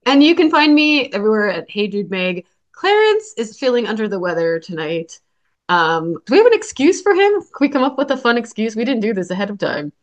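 A woman's voice: a little high, sing-song, brisk, highs cut off. A woman co-hosting a podcast in casual chat, talking with a sore throat and a cough drop in her mouth, chatty, with many fillers. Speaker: podcast co-host.

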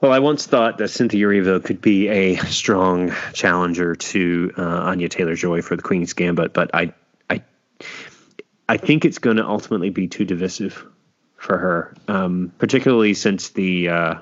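Deep-voiced chatty man hosting a podcast. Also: normal speed, highs cut off. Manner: chatty, laughs often, trails off and restarts. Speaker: podcast host. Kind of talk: casual chat.

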